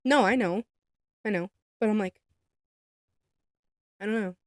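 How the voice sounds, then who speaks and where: A woman co-hosting a podcast, chatting casually in a soft, agreeable way. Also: medium pitch, a little slow, no room sound, clean studio sound. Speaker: podcast co-host. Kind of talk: casual chat.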